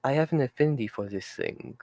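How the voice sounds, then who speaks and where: A man's voice: medium pitch, lively intonation, a little fast, darkish tone, no room sound, voice pushed up. A man voicing an eager, earnest young male adventurer in a tabletop game.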